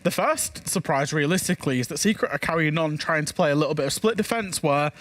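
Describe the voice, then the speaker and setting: A man giving measured analysis of an esports match as a guest analyst. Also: on the high side, a bit bright. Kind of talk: analysis commentary.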